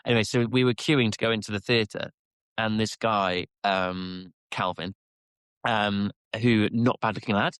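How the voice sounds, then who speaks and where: A man's voice: lowish voice, steady tone, normal speed, a bit bright, clear, resonant tone, no echo. A man co-hosting a podcast, telling rambling casual stories full of fillers and restarts. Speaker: podcast co-host. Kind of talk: casual chat.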